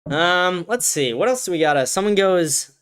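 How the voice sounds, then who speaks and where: A man's voice: high-pitched, expressive, moderate pace, a bit bright, clean tone. A young man hosting a casual livestream, reading chat aloud and rambling in a profane, laugh-filled way with lots of filler words.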